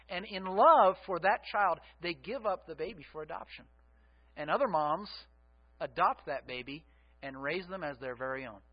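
A middle-aged male pastor preaching with a high voice. He keeps it conversational and asks the congregation to fill in the answers. The recording sounds dull and lo-fi. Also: normal speed, slightly rough. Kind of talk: sermon.

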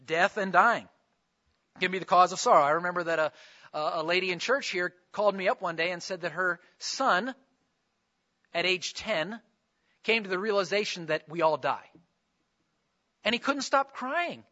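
Male pastor, sermon, chatty with questions; high, sharp-toned voice on a dull recording. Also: normal speed, long pauses. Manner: conversational preaching with rhetorical questions.

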